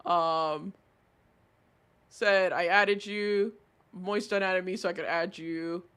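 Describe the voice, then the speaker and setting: A man on a live stream reads out chat messages and reacts to them in an animated, exasperated way, swearing freely. His voice has a bright, forward edge. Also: sits high, slow pace, smooth.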